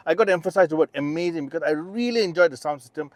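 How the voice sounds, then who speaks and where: A man's voice: on the high side, animated, rapid-fire, hardly any pauses, dry recording. A middle-aged man with a Malaysian English accent, giving a chatty, enthusiastic car review from inside the car, with plenty of fillers and restarts. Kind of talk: casual test-drive review.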